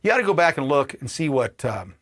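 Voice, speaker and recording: A man hosting a political livestream, ranting with profanity and swinging between shouting and low muttering. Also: very animated, fairly quick. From Indiana, US. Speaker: political commentary host.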